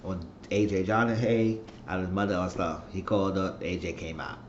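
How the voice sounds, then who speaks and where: A man recaps a TV episode casually, retelling scenes and acting out the characters' lines in a low, steady voice at a moderate pace. The recording is dull and lo-fi, made in an echoey room with a little hiss or hum.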